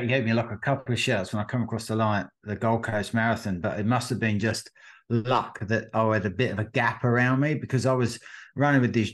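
A man who runs marathons, chatting in an interview and telling an eager, rambling anecdote. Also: mid-range voice. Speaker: runner. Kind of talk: casual interview chat.

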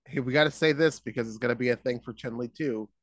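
A man's voice: medium pitch, fast talker, no echo. Profane, riffing man with a dry close sound. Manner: profane, riffing in mock voices. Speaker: podcast guest. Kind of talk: casual chat.

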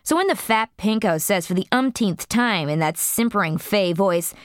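A woman's voice: mid-range voice, lively intonation, a little slow, few pauses, clear, resonant tone, no room sound, clean studio sound. Woman reading a blunt first-person story. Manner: blunt, profane, vivid first-person telling. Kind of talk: first-person audiobook narration.

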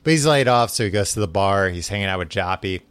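A man's voice: low voice, expressive, fast, a bit bright, smooth, no room sound. Rambling man hosting a book podcast. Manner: rambling, full of likes and restarts. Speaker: podcast host. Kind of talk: casual chat retelling a book.

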